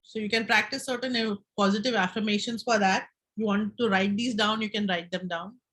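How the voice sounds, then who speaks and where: A middle-aged woman leading a wellness session, guiding slow breathing exercises and affirmations in a gentle, instructive way. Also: mid-range voice, fairly even intonation, low-quality recording. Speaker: wellness speaker.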